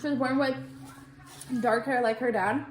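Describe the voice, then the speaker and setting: A young woman co-hosting a casual vlog, talking in a relaxed way between bites of food. Her voice is slightly high. The room is echoey, with a faint hum of ambience underneath. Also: moderate pace. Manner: relaxed, talks while eating. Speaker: vlog co-host. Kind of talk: casual chat.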